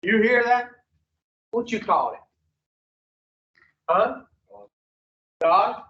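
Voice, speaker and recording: A man's voice: high voice, drawn-out words. A man giving a blunt, profane preaching talk to a recovery group, firing rhetorical questions at the room. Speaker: recovery speaker. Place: meeting room at an addiction recovery center. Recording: roomy, distant, muffled room recording.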